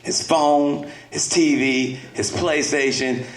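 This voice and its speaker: A man's voice: fairly high pitch, fairly even intonation, slow pace. A man in his thirties doing a crude, conversational stand-up set on a comedy club stage and talking straight to the crowd. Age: 30s. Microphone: stage microphone. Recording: roomy club echo, faint room noise.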